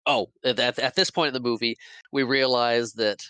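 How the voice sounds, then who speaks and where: A man's voice: mid-range voice, fairly even intonation, normal speed, bright, forceful tone, clean tone, no room sound, low-quality recording. A man hosting a podcast, retelling a film's plot in casual chat and acting out its characters' lines with laughs. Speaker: podcast host. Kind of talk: casual movie recap chat.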